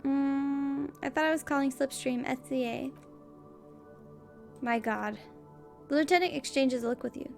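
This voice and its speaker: A woman's voice: sits high, fairly even intonation, normal speed, creaky, soft background music. A woman playing a game on video, reading the on-screen text aloud in a casual way, with wry asides. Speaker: let's play gamer.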